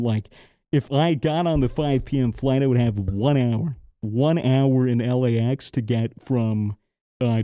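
Profane storytelling man, very dark voice. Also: mid-range voice, no room sound, clean studio sound. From United States. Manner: profane, animated retelling, acting out exchanges. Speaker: podcast host. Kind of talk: casual storytelling chat.

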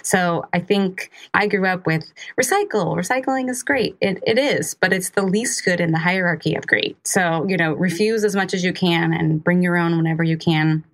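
A woman's voice: lowish voice, moderate pace, few pauses. A woman in her thirties, a podcast guest speaking candidly in a conversational interview, laughing often. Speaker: podcast guest, cancer survivor.

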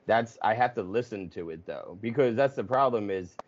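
A man hosting a casual conversation, telling stories in an animated way with swearing and laughs. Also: lowish voice, moderate pace, lo-fi sound. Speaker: podcast host.

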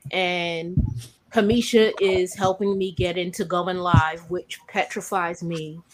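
A woman with a mixed New York and Barbadian accent speaks in a lowish voice, chatty and self-deprecating. She joins over a video call, and the line carries clear background noise. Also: fairly even intonation, slow pace. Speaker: panel guest. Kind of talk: casual chat.

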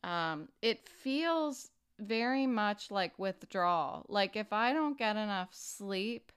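A woman hosting a personal recovery podcast, talking earnestly and unhurriedly with frequent fillers and pauses. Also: medium pitch, expressive, a bit bright, clear, resonant tone. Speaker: podcast host.

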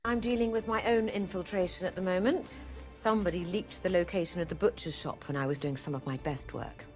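An actress with an English accent playing a poised intelligence chief, speaking in an arch, dryly mocking way. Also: female voice, on the low side, brisk, darkish tone, faint music behind, natural voice. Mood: cool. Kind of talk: TV series dialogue.

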